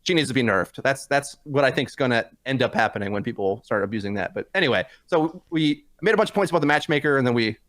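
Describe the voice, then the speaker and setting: A man in a casual podcast chat about a video game. He rambles, restarts sentences and fills pauses with fillers. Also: mid-range voice, expressive, fairly bright tone. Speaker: podcast guest. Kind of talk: casual gaming discussion.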